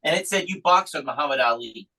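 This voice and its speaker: A man's voice: medium pitch, lively intonation, quick pace, creaky, a crowd in the background, poor audio. A man hosting a podcast, casually chatting and prompting his guest with eager reactions. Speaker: podcast host. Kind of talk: casual interview chat.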